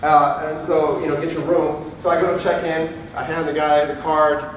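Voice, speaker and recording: A police officer speaking to an audience recounts his own experiences openly, voicing the people he quotes. He has a slightly high voice with little pitch movement and a moderate pace. The sound comes from a distant mic in an echoey hall, with faint ambience and slight background noise.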